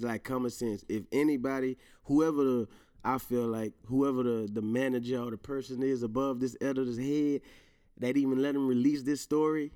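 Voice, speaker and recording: A man's voice: mid-range voice, darkish tone. A man hosting his own show in casual solo commentary, ranting with profanity, slang and laughter while talking straight to his listeners. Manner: profane, laughing, emphatic rants; slang-heavy, addresses listeners directly. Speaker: podcast host.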